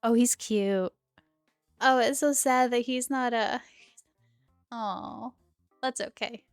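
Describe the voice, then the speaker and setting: A woman's voice: fairly high pitch, slow, clear, resonant tone, no echo, studio quality. A woman streamer reading a dating game aloud in a casual playthrough, with a sore throat and giggly, chatty asides. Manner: chatty, giggly asides between read lines. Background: faint game music.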